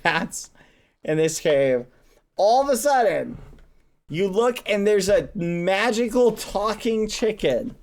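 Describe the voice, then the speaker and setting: A man on a livestream reads viewer stories aloud, giggling often and swapping swears for silly words. He talks slowly, and his pitch swings widely and playfully. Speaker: streamer.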